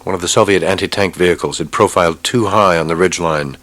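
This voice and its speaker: A man narrating an audiobook with a steady, measured reading. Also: low voice, no room sound. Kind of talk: scripted narration.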